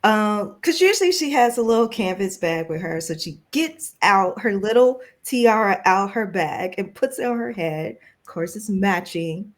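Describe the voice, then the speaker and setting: A woman's voice: medium pitch, lively intonation, normal speed, few pauses. A woman playing in a live tabletop game, describing her character in a chatty way and laughing often. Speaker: player. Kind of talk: casual role-play as a player.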